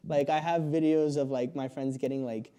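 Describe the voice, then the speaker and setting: A man's voice: a little high, fairly even intonation, normal speed, mellow, clear, resonant tone. A young man telling a long story as a podcast guest, rambling with lots of fillers and frequent laughs. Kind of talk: casual storytelling.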